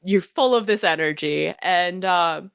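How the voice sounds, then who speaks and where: A woman's voice: on the low side, a little slow, gravelly, clean tone, dry recording, clean studio sound. A woman narrating as game master in a casual, giggly way. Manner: casual, giggly, lots of fillers.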